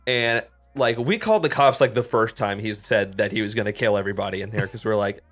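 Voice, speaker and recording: A man, a podcast co-host, telling a story in casual, animated chat, full of swearing and fillers. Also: on the low side, fairly quick, soft background music. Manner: animated, swears a lot, heavy use of "like".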